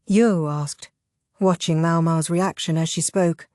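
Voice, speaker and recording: A woman reading a novel aloud as audiobook narrator, in an even, measured way. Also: lowish voice, no echo, studio quality. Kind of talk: scripted narration.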